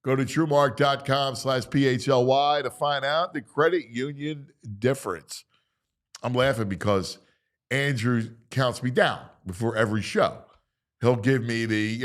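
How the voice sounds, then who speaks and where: A man's voice: mid-range voice, a little slow. A man hosting a casual sports talk show, chatting loosely and laughing often. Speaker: radio show host.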